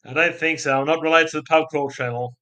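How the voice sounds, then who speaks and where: Speaking fast in a slightly high, bright, forceful voice with fairly even intonation, an Australian man hosts a casual live stream. He reads viewer comments, drifts from topic to topic, and keeps laughing at his crude jokes.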